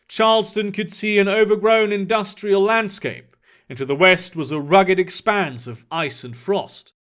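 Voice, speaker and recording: High-voiced male storyteller. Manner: steady, descriptive storytelling. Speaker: story narrator. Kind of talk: audiobook storytelling.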